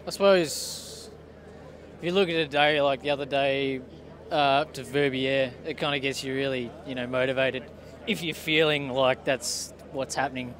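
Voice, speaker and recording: A man's voice: medium pitch, fairly even intonation, moderate pace, a bit bright. A man, a pro cyclist, answering interview questions outdoors in a thoughtful, wordy, casual way. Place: outdoors at a bike race.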